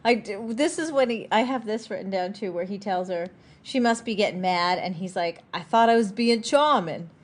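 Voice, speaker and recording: A woman's voice: medium pitch, fairly quick, hardly any pauses. A woman co-hosting a movie podcast, chatting casually and wryly about the film's scenes. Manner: wry, agreeable, quotes scenes from notes. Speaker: podcast co-host.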